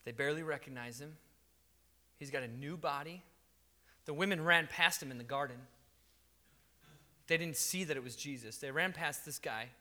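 A man preaching a sermon in a lively, conversational storytelling way. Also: a little high, moderate pace, pauses often. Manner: animated, conversational storytelling with acted quotes. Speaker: pastor.

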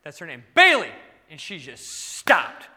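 Male preacher, playful and animated, high pitch swooping widely; long hall echo. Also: moderate pace. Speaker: pastor. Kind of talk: sermon.

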